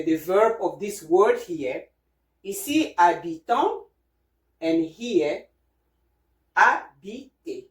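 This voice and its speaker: A woman teaching sounds, patient and repeating each one, often asking "okay?". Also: on the low side. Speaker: French teacher. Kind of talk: casual spoken lesson. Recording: roomy, voice from a distance.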